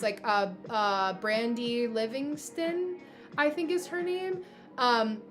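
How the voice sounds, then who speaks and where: Young New Jersey woman, chatty astrology streamer talking to her chat, bright higher voice, light music underneath. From New Jersey, USA. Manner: chatty, many fillers, thanks viewers by name. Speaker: livestream host, astrology reader. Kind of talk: casual livestream chat reading comments.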